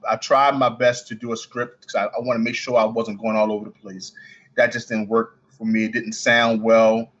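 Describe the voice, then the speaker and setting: A man with a Baltimore accent talks quickly in a casual podcast interview, now and then stuttering or restarting a phrase. His voice sits at a middling pitch, and the recording sounds a little dull and lo-fi. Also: fairly bright tone. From Baltimore, United States. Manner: fast-talking, with some stutters and restarts. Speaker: guest, coin ring artist.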